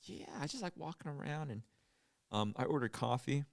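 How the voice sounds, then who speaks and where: A man co-hosting a podcast, telling stories in casual chat with animated, jokey delivery and quick silly impressions. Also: creaky, no echo, clean studio sound. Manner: animated storytelling, bursts into silly high impressions. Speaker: podcast co-host.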